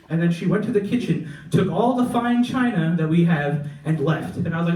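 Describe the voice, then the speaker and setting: A young man performing a stand-up comedy set, animated and jumping into voices to mimic his family. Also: fairly high pitch, brisk, hardly any pauses, roomy sound, recorded from a distance, rough recording. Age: young adult. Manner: animated, mimics family members with big voice jumps. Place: live comedy venue with audience.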